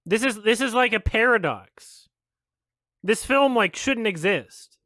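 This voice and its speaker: High-voiced exasperated man ranting. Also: lively intonation, measured pace, pushed and bright, no room sound. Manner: exasperated, swearing, laughing often. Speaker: film critic streamer. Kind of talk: ranting stream commentary.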